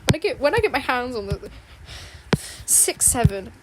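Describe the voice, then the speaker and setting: A woman's voice: on the high side, big pitch swings, normal speed. A young woman chatting casually while she draws, rambling, repeating herself and giggling. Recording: noisy background with clicks.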